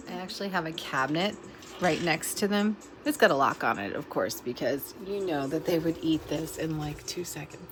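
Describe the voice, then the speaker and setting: A woman's voice: animated, moderate pace. Playful woman cooing to pet birds. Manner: playful, often laughing, coos to her birds in a high sing-song. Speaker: pet bird vlogger. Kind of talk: casual vlog narration. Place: home room with pet birds, indoors. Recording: loud bird chirping noise behind.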